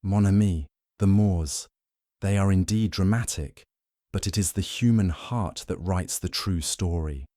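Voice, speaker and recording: A man voicing a fastidious older detective, speaking in a precise, probing way. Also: sits low, mellow, no echo, studio quality.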